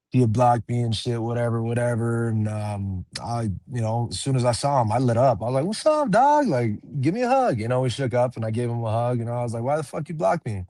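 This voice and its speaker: A man's voice: medium pitch, warm tone, dry recording, studio quality. A young man who fights professionally, chatting casually in an interview, laid-back, swearing freely and laughing often. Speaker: MMA fighter, interview guest.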